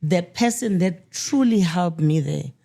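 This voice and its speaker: Deep dark-toned woman telling her grief story, halting and open. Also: expressive, vocal fry. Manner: candid, halting, with restarts and quoted dialogue. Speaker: interviewee, grieving mother. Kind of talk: emotional personal storytelling.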